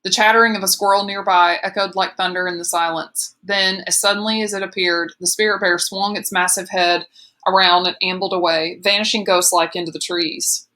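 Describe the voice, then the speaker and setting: A woman giving a steady, measured audiobook narration of a novel. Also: on the low side. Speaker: audiobook reader. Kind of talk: scripted narration.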